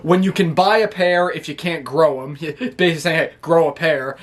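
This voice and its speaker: A man's voice: fairly high pitch, moderate pace. A man casually recapping a wrestling show, rambling and laughing often as he acts out what the wrestlers said.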